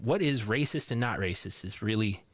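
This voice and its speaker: A man's voice: lowish voice, normal speed, a loud crowd. A man from Wisconsin co-hosting a podcast in casual chat, telling stories and laughing often. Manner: laughs often, animated storytelling. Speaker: podcast co-host.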